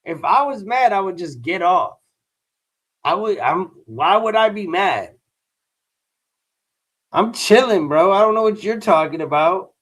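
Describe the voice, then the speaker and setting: A man's voice: high voice, expressive, a little slow, pauses often, a bit bright. A tired adult man hosting a livestream and talking casually with his chat. He uses a lot of slang, says "bro" often and waves off a troll. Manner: dismissive toward a chat troll. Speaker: livestream host.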